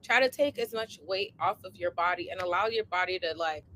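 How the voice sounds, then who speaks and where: A woman coaching a live online group, speaking in a gentle, encouraging way as she leads a relaxing body scan meditation. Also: on the low side, a little hiss or hum, low-quality recording. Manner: gentle, encouraging, slow guiding cadence with soft laughs. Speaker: coach hosting a co-planning session. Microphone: live online session.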